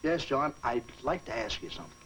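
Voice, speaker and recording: Man, Boston accent, earnest, plain-spoken, mid-pitched voice, 1950s boxing host. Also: big pitch swings, fairly quick, a bit bright, slight background noise, rough recording. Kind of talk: 1950s TV chat and fight intro.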